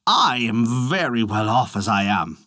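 A man's voice: medium pitch, expressive, measured pace, pushed and bright, no room sound, clean studio sound. A man voicing a skeptical, comfortable male monkey in a storybook tale, doubtful and matter-of-fact.

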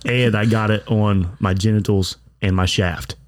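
A man's voice: fairly low pitch, fairly even intonation, unhurried, no room sound, clean studio sound. A man co-hosting a podcast, telling a crude story in a blunt, casual way. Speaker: podcast co-host. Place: bar.

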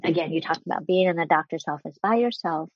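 A woman guest speaking candidly and earnestly about a hard personal experience, with halting restarts as she talks. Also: sits low, husky, lo-fi sound. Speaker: interview guest. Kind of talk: candid personal storytelling in conversation.

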